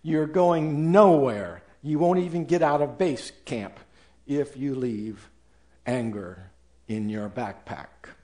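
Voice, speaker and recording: A man's voice: mid-range voice, takes it slowly, dark tone. A male pastor preaching a sermon with emphasis, acting out listeners' objections in raised voices.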